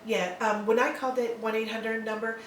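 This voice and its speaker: A woman's voice: a little high, flat delivery, brisk, far from the mic, slight background noise. Hesitant, rambling woman in an echoey room. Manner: rambling, hesitant, many ums and likes, laughs often. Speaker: adoptive mother, interview guest. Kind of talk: casual interview. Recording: roomy echo, from off-mic, faint ambience.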